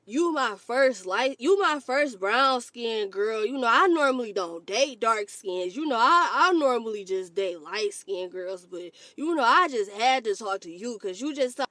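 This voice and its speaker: A woman's voice: a little high, animated, unhurried, hardly any pauses, sharp tone, dry recording. A woman mimicking a smug young man on a date who casually makes colorist remarks.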